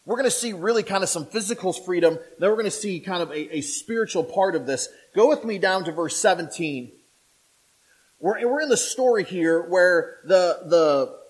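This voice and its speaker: A male pastor preaching a sermon in a conversational, animated way, asking the listeners questions and acting out the voices of people in the story. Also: sits high, normal speed, rough recording. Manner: animated, acts out quoted voices; conversational, asks the audience questions.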